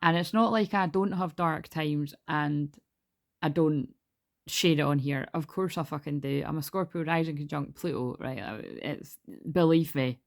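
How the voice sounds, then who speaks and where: A woman's voice: low voice, unhurried, vocal fry. Chatty woman reading tarot. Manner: chatty, rambling, laughs and swears freely. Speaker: tarot reader. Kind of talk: casual spiritual card reading.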